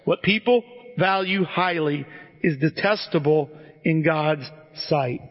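Male pastor, high voice, husky, conversational sermon, long hall reverb, dull recording. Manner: direct, addresses listeners as "guys", frequent restarts. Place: church sanctuary.

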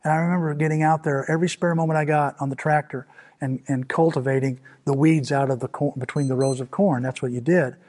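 A male pastor delivers a storytelling sermon with a husky, somewhat high voice. He talks earnestly and repeats key phrases. His emphasis rises in sudden swells. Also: fairly even intonation, fast, a little mellow.

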